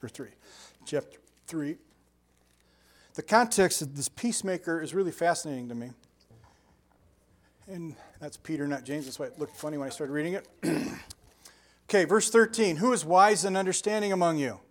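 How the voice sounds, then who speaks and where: Older male pastor, chatty animated sermon, voice sits a bit high. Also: normal speed, long pauses. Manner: animated storytelling with sound effects and asides.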